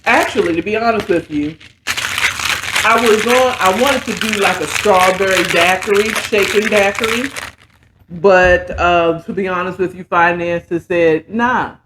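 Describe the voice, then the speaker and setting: A woman's voice: fairly low pitch, steady tone, unhurried, noisy background. A woman hosting a casual bedtime story recap, chatting in a laid-back, slangy way while mixing and sipping a cocktail. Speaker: host and storyteller.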